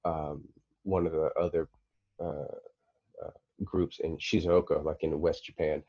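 A man's voice: very deep voice, little pitch movement, unhurried, slightly rough, dry recording, lo-fi sound. A man talking as a podcast guest in casual conversation, rambling with many fillers and restarts.

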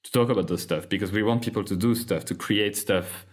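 French guy hosting a podcast, lowish voice, swears a lot, chatty and frank. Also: a little fast. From France. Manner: candid, swears casually, restarts sentences. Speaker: podcast host. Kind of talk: casual conversation.

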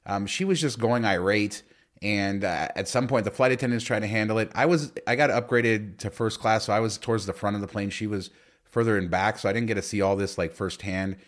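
A man's voice: fairly low pitch, a little fast. A man co-hosting a casual podcast chat, telling stories with many fillers and restarts. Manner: rambling storyteller with many fillers. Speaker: podcast co-host.

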